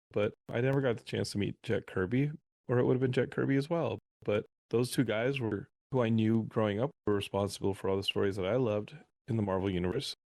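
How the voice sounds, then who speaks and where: A man on a podcast as a guest, telling animated stories in a casual interview. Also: on the low side, creaky, dry recording. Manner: animated anecdotal storyteller.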